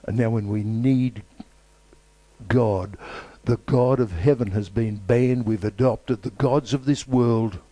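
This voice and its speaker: A man preaching a sermon with emphatic, repetitive phrasing and dramatic pauses. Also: medium pitch, mellow, no echo.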